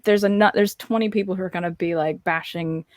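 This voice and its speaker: A woman guest on a podcast, talking in an earnest, gentle way with hesitant restarts. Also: fairly low pitch, steady tone, brisk, no echo, studio quality. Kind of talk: casual podcast chat.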